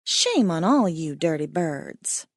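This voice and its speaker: A woman voicing a prim female iguana who speaks in a slow, hissing Southern drawl. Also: low-pitched, very animated, no room sound, studio quality, exaggerated voice. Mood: scolding.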